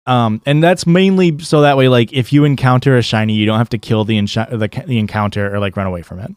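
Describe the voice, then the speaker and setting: A man's voice: mid-range voice, quick pace, darkish tone, clean tone, no echo, clean studio sound. Rambling Midwestern man streaming a game. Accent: Midwestern American. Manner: rambling, lots of fillers and restarts. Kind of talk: casual gameplay commentary.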